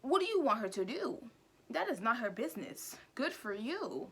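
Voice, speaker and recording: A woman vlogger retelling a story in casual chat while doing her makeup, talking in an animated, chatty way and acting out characters' lines. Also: a little high, moderate pace, slightly rough. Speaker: vlogger recapping an anime.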